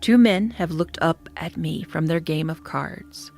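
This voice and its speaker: A woman narrating a scripted horror story in a steady, descriptive manner, sometimes dropping to a hush. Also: deep voice, a little slow, gravelly. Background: faint background music.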